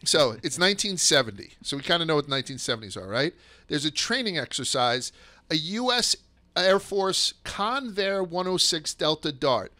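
A man hosting a podcast, telling stories in a casual, profane, excitable way that sometimes rushes and stumbles over his words. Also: a little high. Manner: rushes and restarts when excited. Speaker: podcast host. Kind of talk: casual storytelling chat.

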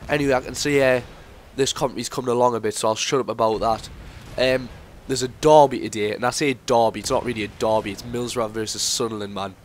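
A man's voice: medium pitch, fairly even intonation, quick pace, a little hiss or hum. A teenage boy, giving casual game commentary that rambles into sweary rants. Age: teens. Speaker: gameplay commentator.

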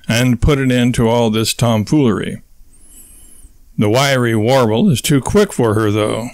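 A man reading a comic novel aloud as audiobook narration, with measured, wry storytelling. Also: medium pitch, dry recording.

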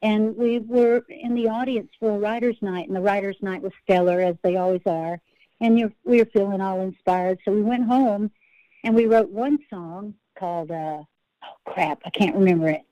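A woman's voice: mid-range voice, moderate pace, clear, resonant tone, dry recording, lo-fi sound. A woman country singer-songwriter, a podcast guest, telling rambling, self-interrupting stories and laughing at her own tales.

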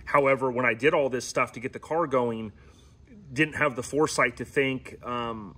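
A man's voice: mid-range voice, moderate pace, breathy edge. A man hosting a casual, rambling walkaround of his classic car, giving owners tips. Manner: relaxed and rambling, many ums and restarts.

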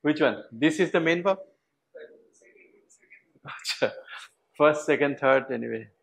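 A man with an Indian English accent teaches a class in a lecture hall. His voice sits a little high for a man. He keeps asking the students questions and repeats words to drive a point home. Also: a little slow, creaky, fairly bright tone, slightly rough. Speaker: university lecturer.

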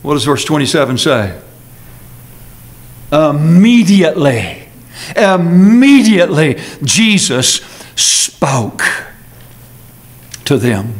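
A man preaching an earnest, emphatic sermon with dramatic pauses, as pastor in a church sanctuary. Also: medium pitch, expressive, a bit bright.

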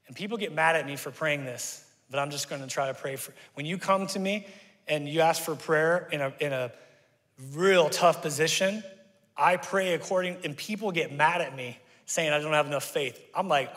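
A man preaching a sermon as pastor, conversational and energetic, leading the congregation in call-and-response. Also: high-pitched. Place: church sanctuary. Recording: reverberant church hall.

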